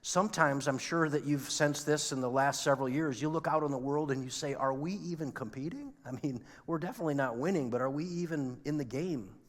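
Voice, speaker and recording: A man's voice: a little high, a little fast, hardly any pauses, big-room sound. A man preaching a sermon as pastor, talking conversationally and asking his listeners questions. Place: church sanctuary.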